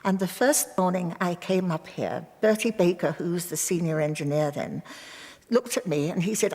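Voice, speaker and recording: A woman's voice: lowish voice, lively intonation, normal speed, darkish tone, long reverb tail. A woman recalling her early days as a television engineer in a matter-of-fact, storytelling way. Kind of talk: reminiscing interview.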